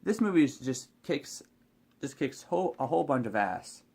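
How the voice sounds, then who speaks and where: Man, casual movie review vlog, rambling, hesitant, lots of fillers, medium pitch. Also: very animated, moderate pace, a little mellow, slightly rough.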